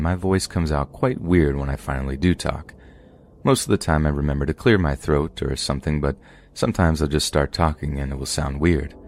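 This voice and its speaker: A man hosting a podcast, reading submitted true scary stories aloud in a steady, measured way. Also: very deep voice, a little hiss or hum. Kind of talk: scripted horror story narration.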